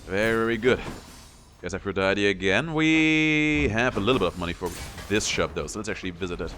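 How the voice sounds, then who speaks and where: A man's voice: on the low side, animated, brisk, fairly bright tone, soft background music. A young man giving casual commentary on his own gameplay, playfully taunting enemies as he goes. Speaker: gameplay streamer.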